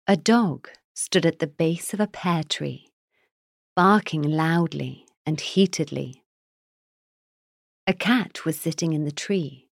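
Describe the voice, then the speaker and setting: A woman narrating a children's storybook chapter in a measured, deliberate way. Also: low-pitched, vocal fry, no room sound, clean studio sound.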